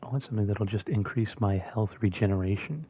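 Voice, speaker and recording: Low-voiced man musing over gameplay. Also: a little fast, husky, dull audio. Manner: mumbly and musing, thinking aloud. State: talking with a mint in his mouth. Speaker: gameplay streamer. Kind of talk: casual gameplay commentary.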